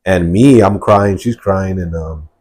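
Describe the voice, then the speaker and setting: A man's voice: low-pitched, unhurried, noisy background. A man sharing his personal testimony in a podcast interview, talking earnestly and rambling with many fillers.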